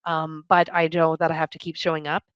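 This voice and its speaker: A woman speaking as a podcast guest, her voice smooth and a little low. She talks in an open, heartfelt way and pauses often. The sound is dry and dull, as if from a remote call. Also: flat delivery, fairly bright tone, dry recording. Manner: open, heartfelt, hesitant with many ums. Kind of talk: casual interview chat.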